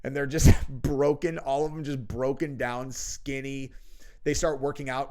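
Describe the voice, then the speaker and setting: A man's voice: medium pitch, level tone, unhurried, darkish tone. Brash, profane male commentary host. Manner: brash, profane, mocking, with lots of "dude". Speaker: show host. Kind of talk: crude comedic political commentary.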